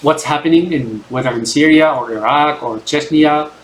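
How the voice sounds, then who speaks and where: Speaking at a normal speed in a slightly high voice, a man who grew up speaking Arabic delivers a rambling, forceful monologue to his viewers as the channel's host. He keeps stopping to ask "right?", and the low-quality recording has a little hiss or hum.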